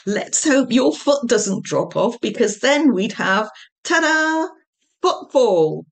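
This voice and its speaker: A woman's voice: fairly high pitch, very animated, slow pace, gravelly, pitched above the performer's own voice, heavily acted. A woman voicing a playful female officer who delivers teasing jokes. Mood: joking.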